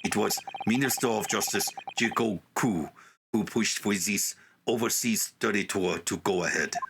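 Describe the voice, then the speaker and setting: A man's voice: vocal fry, heavy background noise. A man voicing a solemn undercover police inspector with a mock Russian accent, grave and apologetic. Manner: grave, apologetic, slow and low. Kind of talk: game dialogue read-through. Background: game music.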